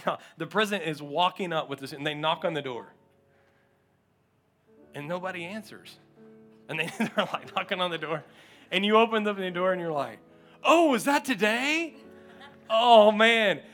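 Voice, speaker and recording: A male pastor preaching a sermon, telling stories with lively acted-out quotes and frequent laughter. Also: fairly high pitch, moderate pace, soft background music. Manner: animated storytelling, acts out quotes, often laughs.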